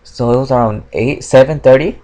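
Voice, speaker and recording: A man's voice: medium pitch, brisk, warm tone. A young man telling a story in a casual vlog, rambling with many fillers and heavy swearing, frustrated. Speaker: vlogger.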